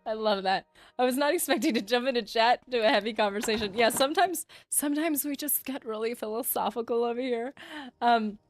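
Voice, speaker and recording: A woman with a slightly high voice talks fairly quickly over faint background music. Streaming a game, she chats with viewers in a talkative, reflective manner and reads their chat messages aloud.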